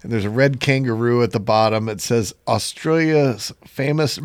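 A man's voice: medium pitch, steady tone, a little fast, clear, resonant tone, no echo. A man co-hosting a casual beer podcast, making dry jokes. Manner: dry, joking. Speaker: podcast co-host.

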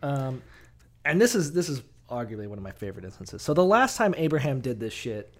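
A man's voice: medium pitch, big pitch swings, brisk. A man co-hosting a casual, irreverent discussion, joking and swearing freely. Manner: profane, joking, breaks into laughter.

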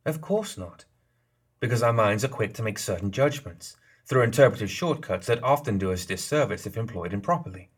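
Sly geisha woman in charge, read by a male narrator: smug, teasing, a little husky, slightly raised from a lowish voice. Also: lively intonation, a little fast. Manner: playful, teasing and knowing.

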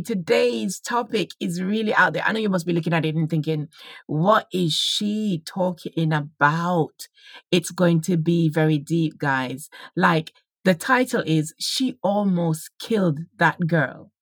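A middle-aged woman with a Jamaican accent hosts a podcast in a chatty, personal way. She talks through a story and sometimes repeats words mid-thought. Her voice is husky, and the sound is dry and close. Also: on the low side, no room sound. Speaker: podcast host. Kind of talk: casual podcast monologue with a read-aloud story.

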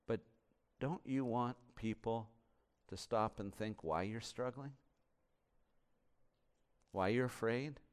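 Male pastor, impassioned sermon delivery, hushed to booming, resonant tone. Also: slow, pauses often, clean tone. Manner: impassioned, swinging from hushed to loud.

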